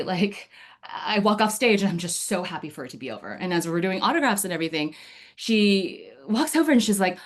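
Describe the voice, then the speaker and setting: A woman giving a personal storytelling speech to her speaking club over a video call, chatty and full of fillers, often laughing. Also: on the low side.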